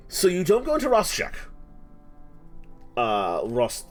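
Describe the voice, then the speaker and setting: A man's voice: fairly high pitch, huge pitch swings, slow pace, soft background music. A man running a tabletop game as game master, narrating scenes dramatically and asking players for rolls. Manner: dramatic, descriptive storytelling with frequent restarts.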